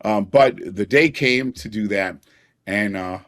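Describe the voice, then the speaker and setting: A man's voice: fairly low pitch, measured pace. A middle-aged man, a podcast guest, telling personal stories in an earnest way and chuckling now and then. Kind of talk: personal storytelling in a conversation.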